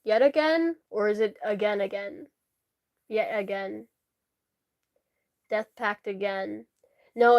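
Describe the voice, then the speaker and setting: A woman's voice: medium pitch, no room sound, clean studio sound. A woman who is sick and sniffling, chatting casually and giggling while she shows her drawings. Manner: giggly, laughs often, self-mocking. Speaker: artist showing her drawings.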